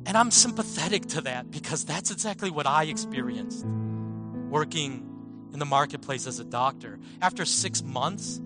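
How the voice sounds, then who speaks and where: A man giving a storytelling sermon as a guest speaker and physician, mixing personal anecdotes and self-deprecating laughs, moving from animated passages to very soft, slow ones. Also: fairly high pitch, loud music behind the voice. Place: church service.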